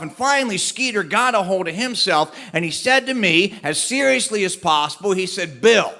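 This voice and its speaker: Brief: comic stage storyteller, man, high bright voice, animated. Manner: animated, comic timing, laughs along. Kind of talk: comic tall-tale storytelling to a live audience. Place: live stage performance.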